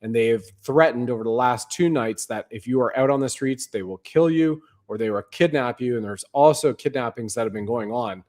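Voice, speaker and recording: A man's voice: mid-range voice, fairly quick, few pauses, darkish tone. Rambling man hosting a livestream. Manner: rambling, conspiratorial, emphatic. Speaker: show host. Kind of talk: livestream commentary monologue.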